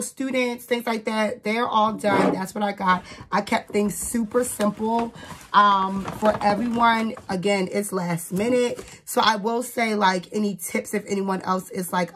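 A woman's voice: medium pitch, steady tone, a little slow, a bit bright, a little hiss or hum. A young woman from New Jersey, a teacher, chatting casually to camera about the gifts she bought, with lots of "like" and "um" fillers. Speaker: vlogger.

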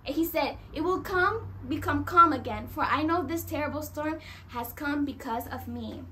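A woman preaching a sermon, animated and acting out quoted voices as she addresses the congregation. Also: high voice, moderate pace, a little hiss or hum.

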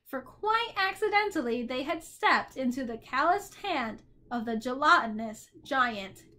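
A woman reading a children's novel aloud with expressive storytelling. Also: high voice, a little slow. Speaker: narrator.

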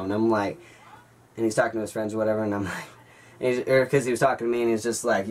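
A young man vlogging, telling a story to his viewers in an animated way and calling them guys. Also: fairly low pitch, quick pace, far from the mic. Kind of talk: storytelling vlog.

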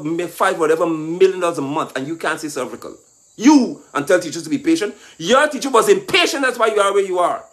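Fiery high-pitched man lecturing. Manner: mocking, lecturing, rising to shouts. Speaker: political commentator. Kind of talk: impassioned political monologue.

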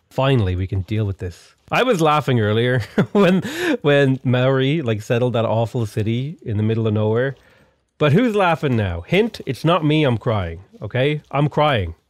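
Animated man doing joking game commentary. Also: medium pitch, no room sound. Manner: animated, exasperated, jokey. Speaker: gaming YouTuber.

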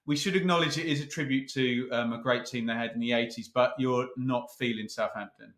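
A man hosting a casual chat, teasing his co-host in a playful, brisk way. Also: medium pitch, steady tone, a bit bright, roomy sound. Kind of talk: casual chat ranking football kits.

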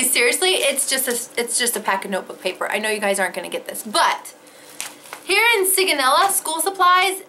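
Here a young woman vlogger casually unboxes fan mail in her home craft studio, exclaiming, gasping and laughing over each present. Her slightly high voice has a sharp tone, captured in a low-quality recording with slight background noise.

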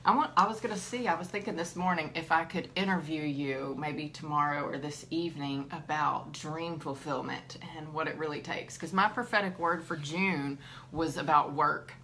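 Chatty middle-aged woman, bright voice. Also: low-pitched, normal speed, a little hiss or hum. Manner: chatty, warm, laughs often. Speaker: ministry host. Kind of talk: casual devotional talk.

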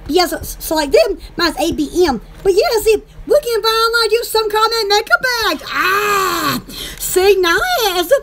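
A woman's voice: extremely high pitch, very animated, a little slow, a bit bright, slight background noise. A woman with a Southern US accent doing casual home-shopping chat about her shop's products, rambling, giggling and exclaiming often. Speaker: small shop owner promoting products.

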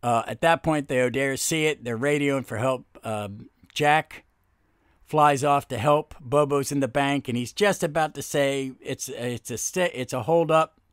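A man's voice: medium pitch, measured pace, clear, resonant tone, no room sound, studio quality. A man hosting a comic book podcast, chatting casually and rambling with many fillers and restarts. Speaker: podcast host.

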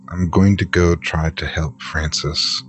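A man playing a character in a tabletop game, speaking tersely and deliberately. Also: low-pitched, level tone, a bit bright. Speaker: player.

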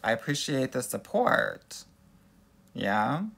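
A sassy, playful man from Los Angeles hosts a casual live stream as a dating coach. He greets his viewers one by one and keeps calling them honey and girl. His voice sits at a middle pitch for a man. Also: very animated, slow, vocal fry, a bit bright, slightly rough. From Los Angeles, USA. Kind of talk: casual live-stream chat reading out comments.

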